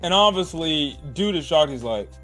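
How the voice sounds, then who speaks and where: A man with a slightly high-pitched voice talks through an anime episode in a loose, rambling recap. His speech is slangy and full of filler words, and soft music plays faintly underneath. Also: expressive, moderate pace. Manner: slangy, rambling, keeps adding "like", "bro" and "right". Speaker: anime reviewer.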